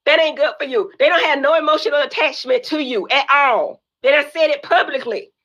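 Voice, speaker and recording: A woman's voice: sits high, fairly quick, a bit bright, lo-fi sound. An older woman talking bluntly and emotionally in a heated podcast chat, swearing freely and rambling. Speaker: reality TV guest.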